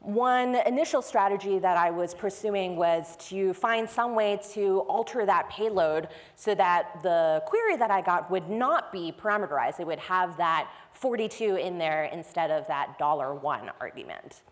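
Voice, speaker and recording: A woman's voice: lowish voice, lively intonation, normal speed, few pauses. A woman giving a technical conference talk, explaining step by step in a conversational way. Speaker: conference speaker. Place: large conference hall. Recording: long hall reverb.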